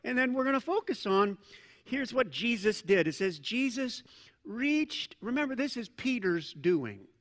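A man's voice: sits high, measured pace. Man preaching in a reverberant church. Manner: conversational, animated preaching with asides and self-corrections. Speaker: pastor. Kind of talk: sermon. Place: church sanctuary. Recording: long reverb of a large church hall.

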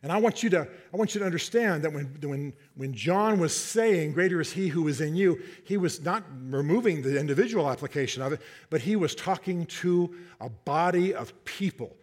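High-voiced, lively male preacher. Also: normal speed, few pauses. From Southern United States, half his family. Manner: animated, repeats and restarts words, jokes with the congregation. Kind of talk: sermon.

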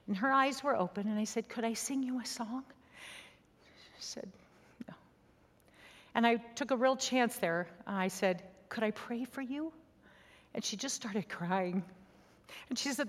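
A woman giving an earnest, conversational sermon built around a personal story, sometimes dropping to a soft near-whisper. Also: on the high side, lively intonation, moderate pace, big-room sound.

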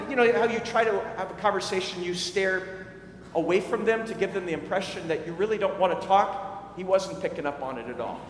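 A man's voice: high-pitched, fairly quick, slight background noise. A male pastor preaching a sermon, telling a story in a conversational way with many restarts. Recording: echoey hall with faint ambience.

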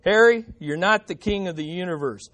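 A man voicing a stern male doctor who firmly tells a patient to quiet down. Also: high-pitched, normal speed, dry recording. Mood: scolding. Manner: firm and scolding.

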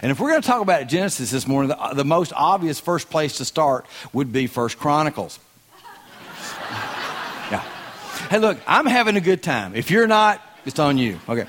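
A man's voice: fairly high pitch, big pitch swings, moderate pace, a bit bright. Southern US man preaching with folksy humor. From American South. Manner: folksy, joking, emphatic preacher. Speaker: guest speaker. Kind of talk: sermon.

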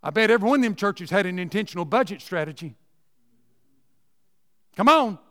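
A man's voice: high voice, animated, a little fast, fairly bright tone. A man teaching a Sunday school talk in a folksy storytelling manner, repeating words and building to emphatic asides. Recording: long hall reverb.

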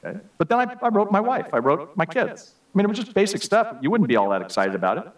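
A man's voice: high voice, sing-song, quick pace, distant mic, poor audio. A man preaching to a church congregation in a chatty storytelling way, full of asides and "you know". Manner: conversational storytelling with many asides. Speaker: guest preacher. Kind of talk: sermon.

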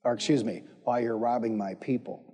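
The Lord, stern and rebuking, as a preacher quotes him. The voice is dark and mellow, spoken slowly and deliberately. A long hall reverb hangs on the words. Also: male voice, medium pitch, fairly even intonation, breathy edge, natural voice. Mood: stern rebuke.

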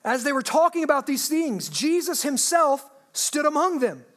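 A woman pastor preaching a sermon in a lively, humorous way, asking her listeners rhetorical questions. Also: high voice, normal speed.

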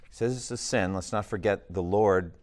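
A man's voice: sits low, moderate pace, darkish tone. A man teaching a class, reading an old text aloud with emphatic swells, then stopping to ask questions and explain it.

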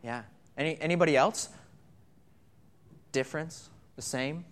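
A man's voice: a little high, unhurried. A man gives a sermon in a church, asking the congregation questions and drawing them in. His delivery is conversational, and he often repeats words as he starts a phrase. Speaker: pastor. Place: church sanctuary.

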